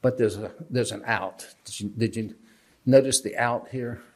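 Medium in pitch and fairly even in intonation, his voice moves at a moderate pace. He's giving a conversational Bible lesson at a lectern, tossing questions to the audience and joking about himself.

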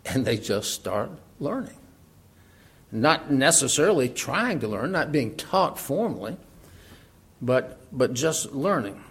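A middle-aged man preaching in a relaxed, conversational way, laughing often and asking rhetorical questions. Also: medium pitch, slow, slightly rough. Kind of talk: sermon.

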